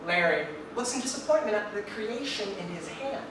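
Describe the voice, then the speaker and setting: Young man, solo stage storytelling, animated, very echoey hall, far-off mic, background noise. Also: sits high, normal speed. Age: young adult. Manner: animated, acts out the scenes. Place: theater stage before an audience. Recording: echoey live theater, distant mic, noisy.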